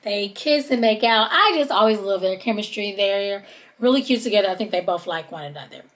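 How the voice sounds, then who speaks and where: A woman's voice: animated, a little fast, fairly bright tone. Woman, podcast host, casual gossipy recap, mid-range voice. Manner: chatty, drawls "honey" and "child", mimics people in high voices.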